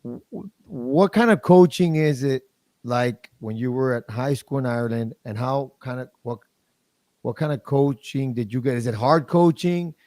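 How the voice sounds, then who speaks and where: A man's voice: medium pitch, normal speed, a little mellow, no room sound. A man hosting an interview, asking curious questions with stammered restarts. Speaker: podcast host. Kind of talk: casual interview talk.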